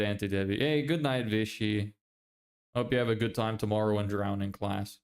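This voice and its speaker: A young man chatting casually on a livestream, reading viewer messages, swearing and laughing often. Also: on the low side. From Ireland. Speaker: livestreamer and agency owner.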